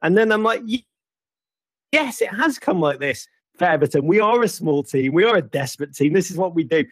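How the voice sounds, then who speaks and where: A man's voice: high-pitched, expressive, fairly quick, slightly rough, no echo, clean studio sound. A man hosting a football chat, telling stories theatrically and teasing his caller playfully. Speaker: host.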